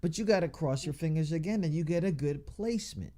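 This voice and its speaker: A man's voice: fairly high pitch, expressive, a little fast, warm tone. A man hosting a casual radio interview, talking loosely with slang, frequent laughs and restarted sentences. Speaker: radio show host.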